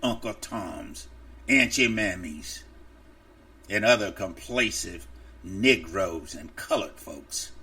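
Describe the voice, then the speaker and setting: A man's voice: sits low, animated, slow pace, sharp tone, distant mic. A male preacher delivering an impassioned, emphatic sermon for a podcast, openly angry.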